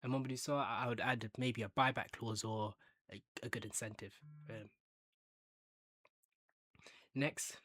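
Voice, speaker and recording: A man's voice: mid-range voice, steady tone, a little slow, pauses often, a bit bright, dry recording, clean studio sound. A man hosting a casual football chat, ranking players with banter and bursts of hype. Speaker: football fan channel host.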